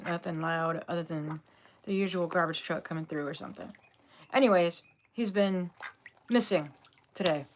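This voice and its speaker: A woman's voice: medium pitch, a bit bright, a little hiss or hum. A young woman hosting a casual livestream from home, talking in a rambling way with lots of fillers. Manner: rambling, filler-heavy and chatty. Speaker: livestream host.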